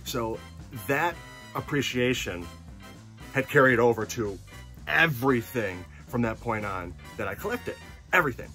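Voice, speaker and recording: A middle-aged man chatting casually at home about his collecting, rambling and joking, with sudden excited bursts. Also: medium pitch, a little slow, far from the mic, faint music behind. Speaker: collector vlogger. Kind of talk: casual chat to camera.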